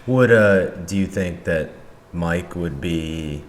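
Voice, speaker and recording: A man's voice: sits low, takes it slowly. A man hosting a podcast interview, asking short questions and giving encouraging backchannels. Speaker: podcast host. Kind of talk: casual interview. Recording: echoey room with faint noise.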